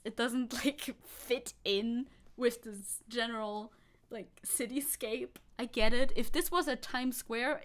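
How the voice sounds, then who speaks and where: A woman streamer chatting casually on a live stream, sarcastic and quick to swear, with laughing asides. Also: on the high side. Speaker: VTuber streamer.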